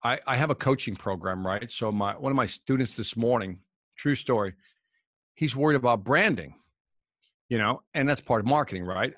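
A man's voice: on the low side, no room sound. Male guest speaker, casual storyteller who voices the people in his anecdotes, recorded dry. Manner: animated storyteller acting out dialogue. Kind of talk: storytelling interview chat.

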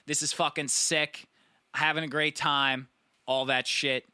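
A man's voice: a little high, measured pace, clear, resonant tone, no room sound, clean studio sound. A young man telling a long, profane party story in casual chat, acting out his friends' lines. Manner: rambling, profane, animated storytelling; acts out friends' voices.

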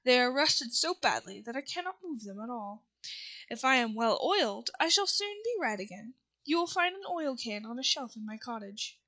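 A woman's voice: fairly high pitch, animated, moderate pace, bright, forceful tone. A woman reading aloud, voicing a polite, grateful man made of tin who speaks courteously.

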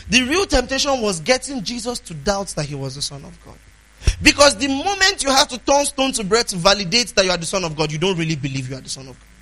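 A man preaching a sermon, emphatic, asking the congregation questions and swinging between loud declarations and hushed asides. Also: high voice, low-quality recording.

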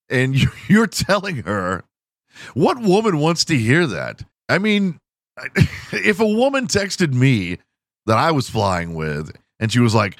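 A man's voice: on the low side, fairly bright tone, dry recording, studio quality. A man in his forties from Houston, Texas, hosting a podcast and retelling news stories with profane, mocking comedy. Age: 40s. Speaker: podcast host. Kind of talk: comedic storytelling.

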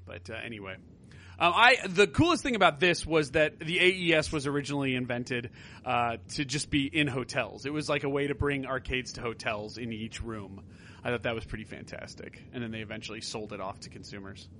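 A man's voice: mid-range voice, brisk, pushed and bright, a little hiss or hum. A man co-hosting a casual gaming podcast, rambling through tangents and swearing now and then. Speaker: podcast co-host.

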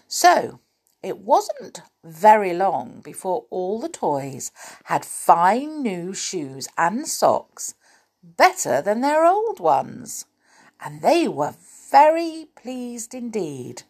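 A woman reading a children's storybook aloud in an expressive, lilting way. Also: mid-range voice, very slow, slightly rough.

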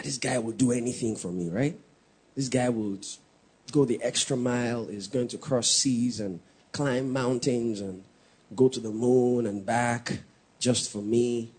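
Male pastor, husky tone, shouts for emphasis mid-sermon. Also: medium pitch. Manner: preaching with rising shouted emphasis, jokes with the congregation.

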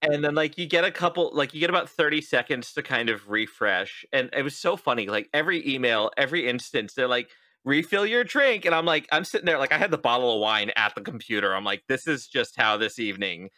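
A young adult man hosts a casual podcast chat and tells his story with lively energy. He acts out every quoted line. His voice is bright and forward, and it is recorded close and dry. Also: medium pitch, fast, hardly any pauses, dry recording. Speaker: podcast host.

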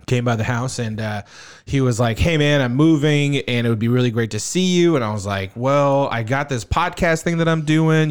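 A man's voice: medium pitch, clean tone. Laid-back man, laughing storyteller. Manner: laughs often, swears casually. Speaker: podcast host. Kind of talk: casual chat.

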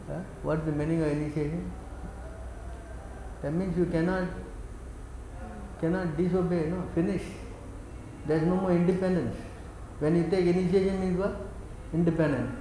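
A man's voice: fairly high pitch, mellow, a little hiss or hum. A man giving a scripture class as a spiritual teacher. He speaks emphatically and keeps quizzing his listeners. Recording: very echoey room.

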